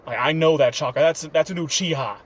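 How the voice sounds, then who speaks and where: A man's voice: on the high side, fast talker, close to an everyday voice. A man voicing an irritable male fox spirit sealed inside a boy, talking urgently and bossily, in a casual fan retelling. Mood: urgent, annoyed.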